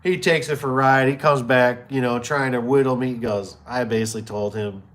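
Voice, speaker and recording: A man's voice: medium pitch, steady tone, brisk, fairly bright tone. A man telling rambling stories about his business in a casual live chat, often repeating himself and acting out the people he quotes. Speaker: small business owner hosting a live stream. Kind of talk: casual storytelling.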